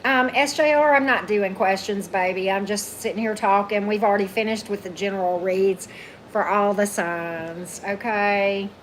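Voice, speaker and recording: A chatty woman hosts a casual tarot livestream from a table at home. Her voice is getting hoarse from long talking, and she reads out viewers' comments and thanks them. Faint room noise sits behind her. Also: steady tone, normal speed. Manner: chatty, reads out comments, calls her dog in a high coaxing voice. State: going hoarse. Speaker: tarot reader hosting a livestream. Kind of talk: casual live chat with viewers.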